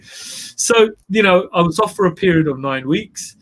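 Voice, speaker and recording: A man's voice: sits high, normal speed, a little hiss or hum. A man who is a guest entrepreneur, telling his story in an emphatic interview style and repeating phrases for effect. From England.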